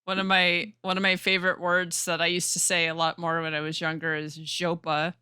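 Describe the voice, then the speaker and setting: An easygoing podcast guest who laughs a lot during a casual chat. The voice sits at a middle pitch and sounds dry and close. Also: completely flat delivery, brisk, pushed and bright, smooth, no room sound.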